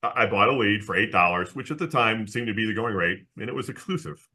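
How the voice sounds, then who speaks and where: A man with a low, forceful voice tells a story as a guest in an interview, jumping into the voices of the people he quotes. He laughs often and restarts his sentences as he goes. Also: fast talker. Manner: animated storyteller who acts out the people he quotes. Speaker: guest, insurance agency owner.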